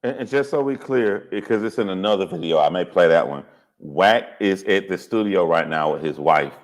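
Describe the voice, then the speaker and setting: A man giving casual, profane commentary on a video clip, moving from low muttering to excited shouting. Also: normal speed. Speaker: reaction commentator.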